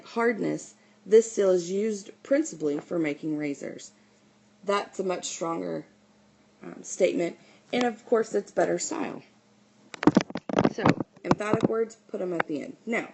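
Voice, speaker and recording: A woman teacher explaining writing style in a recorded lesson, often pausing on "okay" and "um". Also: on the low side, creaky, noisy background.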